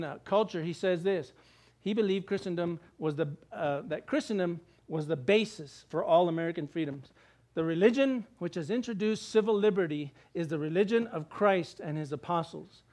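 In a high voice, an elderly pastor preaches energetically, acting out quotes and tossing rhetorical questions at his listeners.

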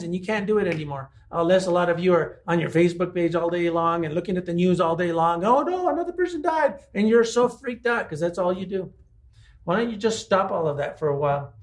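A man's voice: sits high, brisk. A man preaching a conversational sermon, asking his listeners many rhetorical questions. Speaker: pastor.

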